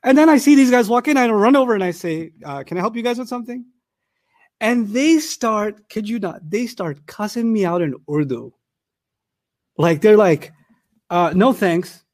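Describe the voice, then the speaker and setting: A man's voice: sits high, no room sound, clean studio sound. A man from New York giving a conversational Quran lesson, telling stories and acting out dialogue. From New York, United States. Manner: animated, conversational, acts out dialogue. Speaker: Quran teacher. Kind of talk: Quran lesson with personal storytelling.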